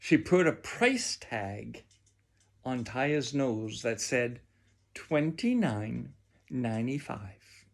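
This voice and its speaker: A man reading a children's storybook aloud with expressive, drawn-out delivery. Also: fairly high pitch, gravelly, slightly rough.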